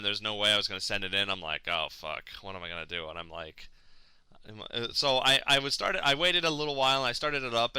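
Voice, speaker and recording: Animated, bright-voiced man telling a story. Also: smooth, no echo. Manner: animated, acts out quotes with big pitch swings; profane, self-mocking. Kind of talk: casual storytelling chat.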